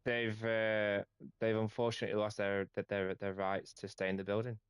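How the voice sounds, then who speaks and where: A man's voice: on the low side, flat delivery, moderate pace, clear, resonant tone, dry recording, clean studio sound. A man hosting a game stream, chatting casually and sounding indignant about local news. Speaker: streamer host. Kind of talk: casual chat while gaming.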